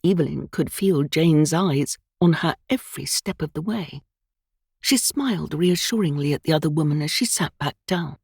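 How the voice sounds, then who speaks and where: A woman narrating a cosy mystery audiobook in an expressive, measured storytelling manner. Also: sits low, creaky, slightly rough, no room sound, clean studio sound. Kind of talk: scripted narration.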